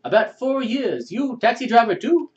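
A man voicing a pushy stereotyped Russian male taxi driver, loud and halting. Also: medium pitch, muffled recording, natural voice. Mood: brash. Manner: loud, halting, breaking into laughter.

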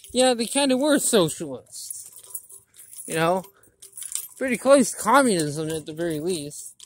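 A woman's voice: medium pitch, slight background noise. A woman vlogger delivering a blunt, profane political rant, indignant and preachy, with many restarts.

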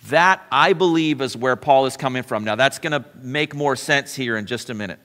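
A bright, forceful male pastor preaching in a loose, conversational way, stopping to correct himself and slipping into the voices of the people he quotes. His voice rings out through a church sanctuary with a long echo trailing behind it. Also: fairly high pitch, moderate pace, hardly any pauses. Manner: chatty, self-correcting, acts out quoted voices. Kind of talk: conversational sermon.

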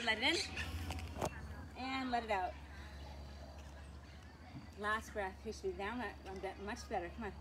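A woman's voice: fairly high pitch, background noise. A woman fitness instructor coaching a live workout, counting reps aloud and cheering viewers on while out of breath.

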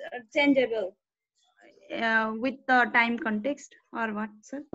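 A woman student speaks in Nepali-accented English, pausing often as she puts a question to her teacher. Her voice sits a little high, and the recording sounds dull and muffled. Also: fairly even intonation, a bit bright. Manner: hesitant, addresses teacher as sir. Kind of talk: classroom question.

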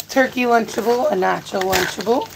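A woman talks slowly through her grocery haul on a live stream, rambling and chatty as she addresses her viewers. Her pitch sits in a middle range, and a faint hum of noise stays under her voice.

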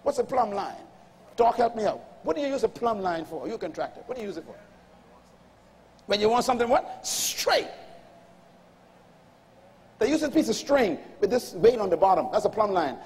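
A man's voice: sits high, very animated, normal speed, pauses often, darkish tone, big-room sound. A man preaching a sermon in an emphatic call-and-response manner, reading scripture aloud and urging the congregation to respond. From Bahamas. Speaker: pastor.

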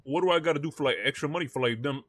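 A man's voice: fairly high pitch, very fast, a bit bright. A man role-playing a defendant in a game courtroom, talking in loose street slang and laughing often. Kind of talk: casual role-play banter.

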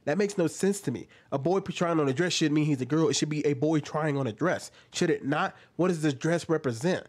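A man's voice: a little high, a little fast, darkish tone. Argumentative man asking rhetorical questions. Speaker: commentator. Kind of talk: reaction commentary.

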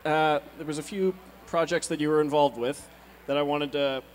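Male interviewer, halting and self-correcting, higher-pitched voice; echoey convention hall. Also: fairly even intonation. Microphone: handheld mic. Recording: reverberant hall with faint background noise.

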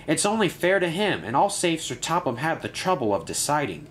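A man's voice: a little high, big pitch swings, brisk, a little hiss or hum, voice pushed up. A man voicing an earnest, self-blaming young male steam engine. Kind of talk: storybook narration.

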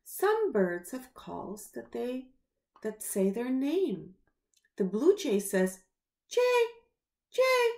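Slow, lively storybook-reading woman. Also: on the high side, vocal fry. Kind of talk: children's story read-aloud.

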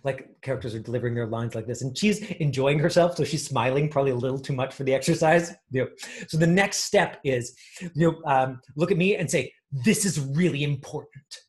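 A man's voice: mid-range voice, a little fast. Chatty acting coach man, lots of fillers. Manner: rambling, full of fillers and restarts.

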